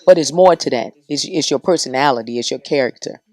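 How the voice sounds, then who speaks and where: Lively middle-aged woman radio personality. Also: rumbling low, quick pace, no room sound. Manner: lively, animated storyteller acting out quotes. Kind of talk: casual podcast storytelling.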